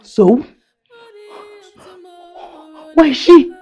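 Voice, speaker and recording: A woman's voice: high-pitched, expressive, drawn-out words, warm tone, heavily acted. An actress with a Nigerian accent playing an overprotective, anxious mother who pleads and insists. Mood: demanding. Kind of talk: film drama acting.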